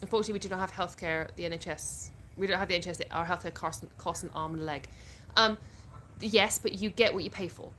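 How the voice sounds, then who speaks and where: Her voice is fairly low-pitched and sharp, and she speaks quickly as she hosts a casual home livestream, reading viewer comments aloud and responding. The recording is low-quality, clear but with background noise and clicks.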